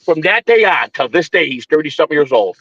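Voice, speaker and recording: A man's voice: fairly high pitch, very animated, fast, fairly bright tone, no echo, lo-fi sound. A man hosting a morning show, telling a long story in casual, profane, rambling talk with frequent restarts. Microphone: streaming setup.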